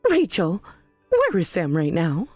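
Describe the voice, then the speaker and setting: A woman's voice: fairly low pitch, wildly swooping pitch, measured pace, mellow, dry recording, faint music behind, heavily acted. A woman voicing a young fiancée who coldly accuses her future mother-in-law. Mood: cutting. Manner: cutting, accusing.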